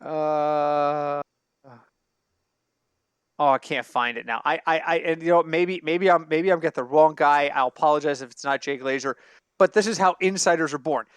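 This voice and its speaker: Bantering casually as a sports podcast co-host, this man spins long, rambling, animated stories, correcting himself along the way. His fairly high, clean-toned voice moves at a moderate pace, heard via a home computer mic over an online call with no room sound.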